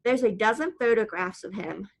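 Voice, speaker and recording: A woman's voice: medium pitch, normal speed. Woman narrating a first-person audiobook.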